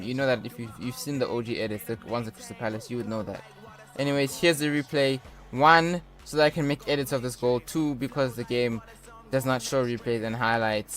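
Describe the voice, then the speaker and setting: A young gaming YouTuber gives casual commentary on a football video game, blending sportscaster-style calls with rambling, jokey asides. His voice is mid-range with a fairly bright tone.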